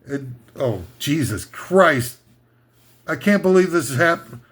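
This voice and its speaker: A man's voice: a little high, expressive, unhurried, fairly bright tone. A man delivering an irreverent comedic rant in a rambling, crude, sarcastic way. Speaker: comedy commentator.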